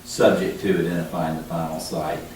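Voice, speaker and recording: Low-voiced man chairing a meeting. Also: little pitch movement, fairly quick, darkish tone. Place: large meeting room. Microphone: distant room mic. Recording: echoey room from far off, faint noise.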